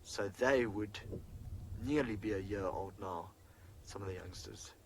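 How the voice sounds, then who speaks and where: A man's voice: lowish voice, measured pace, slight background noise, rough recording. A man working as a safari guide, explaining animal behaviour and answering viewer questions on a live broadcast from outdoors in the bush. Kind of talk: live wildlife broadcast commentary. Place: outdoors on a game drive in the bush.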